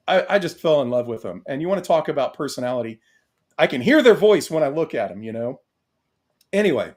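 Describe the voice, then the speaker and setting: A man co-hosting a casual podcast chat, rambling and excitable, laughing often. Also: on the high side. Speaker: podcast co-host.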